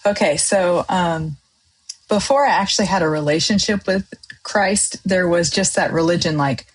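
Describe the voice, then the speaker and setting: Podcast guest: middle-aged woman, husky low voice, animated storyteller voicing her past self. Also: moderate pace, low-quality recording. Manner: lively storyteller, acts out her own past outbursts. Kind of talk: testimony in casual chat.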